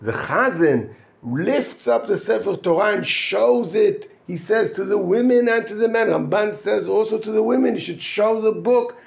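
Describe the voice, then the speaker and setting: A man, a yeshiva rabbi, giving an informal weekly Torah lesson, halting and full of restarts, mixing Hebrew terms into his English and answering his own questions. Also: high voice, expressive, gravelly. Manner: halting, with frequent restarts and fillers.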